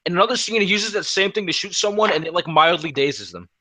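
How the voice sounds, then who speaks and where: A man's voice: high-pitched, animated, fast talker, noisy background. A young man in casual chat, easygoing and agreeable, with hesitant fillers.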